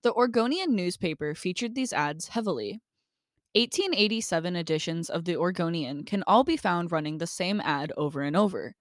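A woman's voice: on the low side, expressive, brisk, dry recording, studio quality. A woman co-hosting a podcast in casual chat, upbeat, laughing often and reading from her notes. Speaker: podcast co-host.

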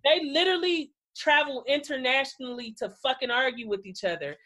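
Young woman co-host, brash, profane, a bit high-voiced, casual recap chat. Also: fairly quick, bright, forceful tone, poor audio. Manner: blunt, profane, laughing often. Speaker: podcast co-host.

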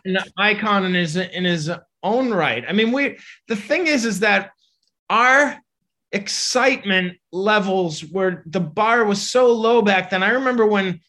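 Brief: high, bright-voiced male comedian, quick, stop-start chat. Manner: fast, halting, with many restarts. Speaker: comedian guest. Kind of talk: casual podcast chat.

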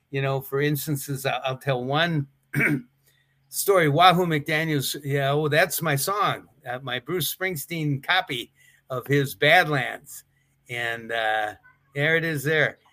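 In a casual interview, the retired wrestler, an older man, rambles through anecdotes full of restarts and chuckles. His voice is on the high side with a sharp tone.

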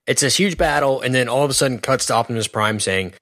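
A man's voice: medium pitch, fast, sharp tone, no room sound, clean studio sound. Joking, rambling man reviewing a movie. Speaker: podcast co-host. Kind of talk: casual movie review chat.

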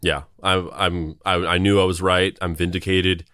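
Casting: a male co-host with a low voice, full of swearing and wisecracks, relaxed chat, dry close sound. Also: normal speed, no room sound. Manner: wisecracking and profane. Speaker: podcast co-host. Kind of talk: casual podcast banter.

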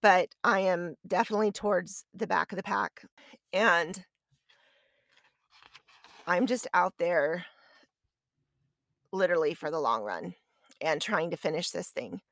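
A woman podcast host telling a story from her own life in a casual, chatty way, poking fun at herself as she goes. Her voice sits on the low side for a woman. The recording is close and dry, with no room sound. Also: unhurried, gravelly, pauses often, fairly bright tone, dry recording. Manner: chatty, conversational, self-deprecating.

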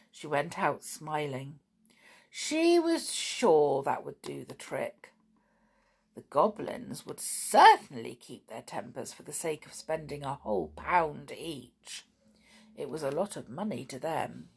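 A woman reading a children's story aloud in an expressive, unhurried way. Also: low voice, gravelly, slightly rough.

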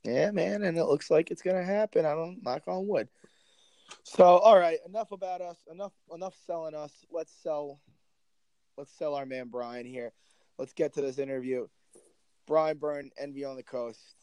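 A man's voice: fairly high pitch, normal speed, warm tone, no room sound. Laid-back man telling jokey stories. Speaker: podcast co-host. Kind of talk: casual chat.

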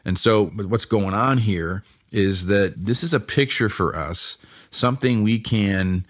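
A man's voice: fairly low pitch, a little slow. A man hosting a Bible podcast, explaining scripture in an earnest, conversational teaching style and reading passages aloud.

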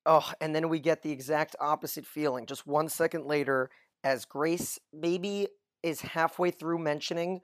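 A man's voice: fairly high pitch, fairly even intonation, normal speed, no echo, clean studio sound. A man co-hosting a casual podcast, going through a TV episode and asking his co-host questions. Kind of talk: casual TV recap chat.

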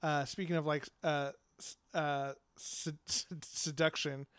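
A man hosts a casual podcast chat, rambling through his stories with many fillers and laughter. His voice sits a little high and sounds smooth and resonant. The recording is dry and close. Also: steady tone, slow, a bit bright, dry recording. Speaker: podcast host and game master.

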